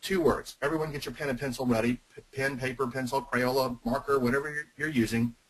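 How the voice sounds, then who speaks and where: A man's voice: mid-range voice, fairly even intonation, fast talker, slightly rough, rough recording. A man presenting a sales webinar, speaking emphatically and addressing his listeners directly. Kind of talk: teaching webinar call.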